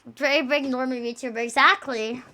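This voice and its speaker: A young adult woman streaming and chatting casually, loud, crude and joking, swearing often. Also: sits high, fairly even intonation, moderate pace, slight background noise.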